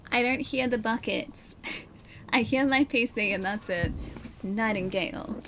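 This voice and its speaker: A woman's voice: fairly high pitch, unhurried, a bit bright, a little hiss or hum. A young woman streamer chatting casually as she plays a game at her PC, reacting and laughing often. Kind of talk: casual live-stream gaming chat. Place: home room at her PC.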